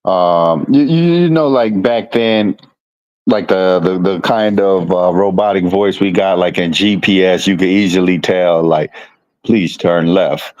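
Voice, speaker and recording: A man's voice: low-pitched, measured pace, a little mellow, dull audio. A man hosting a podcast, chatting casually and hesitantly, repeating words as he thinks. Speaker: podcast host.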